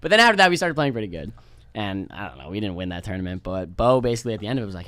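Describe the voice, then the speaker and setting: Young male podcast guest from New York, quick, low-pitched, rambling storyteller in a dry room. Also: very animated, pushed and bright, no room sound. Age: young adult. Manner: rambling, laid-back, swears freely and mimics others. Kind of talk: casual storytelling chat.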